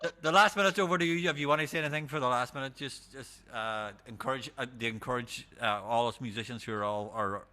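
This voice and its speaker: Rich: A Scottish man hosts a loose podcast chat with a bright, forceful voice at a middle pitch. He stumbles, repeats words and swears casually as he talks. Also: quick pace, few pauses. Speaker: podcast host.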